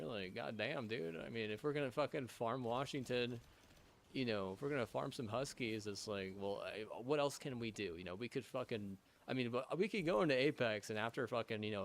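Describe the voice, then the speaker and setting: A man's voice: lowish voice, a little hiss or hum. A man streaming, in a rambling rant full of swearing, restarts and filler words.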